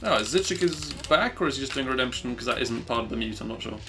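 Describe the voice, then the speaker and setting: A man's voice: mid-range voice, lively intonation, quick pace, creaky, loud music behind the voice. A young man live-streaming a speedrun, chatting casually and teasing himself about his mistakes. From Britain. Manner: rambling, self-deprecating, chatty.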